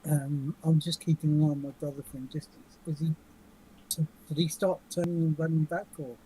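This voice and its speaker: Brief: male player, dark mellow voice, faint hum behind. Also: a little high, flat delivery, brisk, low-quality recording. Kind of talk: casual tabletop play.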